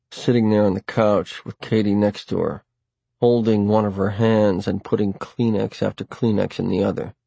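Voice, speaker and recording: A man reading a first-person novel aloud in a wry, dry, deliberate way. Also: fairly low pitch, gravelly, mellow, husky, no room sound. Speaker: audiobook narrator. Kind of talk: first-person audiobook narration.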